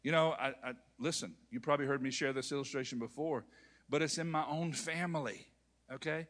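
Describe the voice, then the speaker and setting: A bright, ringing-voiced older man preaches in a church sanctuary, his voice trailing a long hall reverb. He sits a touch high for a man and calls out to his congregation between lines. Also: fairly quick. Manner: preaching with calls to the congregation and rising, shouted peaks. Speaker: pastor. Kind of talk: sermon.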